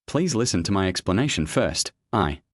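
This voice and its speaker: A man's voice: deep voice, very animated, moderate pace. A man voicing a cheeky, sly young man who teases and then backs off sheepishly in a storybook reading. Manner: sheepish, teasing delivery.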